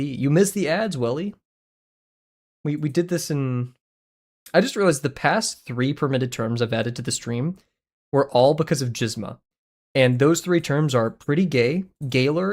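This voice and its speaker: Young guy rambling on his art stream, talks to himself, playful, swears a bit, medium pitch. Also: a little mellow. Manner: rambling, self-talking, playful, swears casually. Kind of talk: casual livestream chat while drawing.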